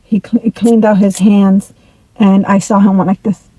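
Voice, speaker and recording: Very mellow-voiced woman telling a story. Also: mid-range voice, normal speed, breathy edge, no echo, rough recording. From United States. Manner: animated, repetitive, restarts words. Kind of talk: casual storytelling to camera.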